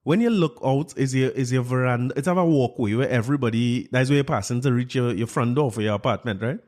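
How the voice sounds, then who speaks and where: Animated Trinidadian man hosting a podcast. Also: medium pitch, fast talker. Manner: animated storytelling with frequent laughs; conversational, addresses listeners directly. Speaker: podcast host. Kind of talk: casual podcast monologue.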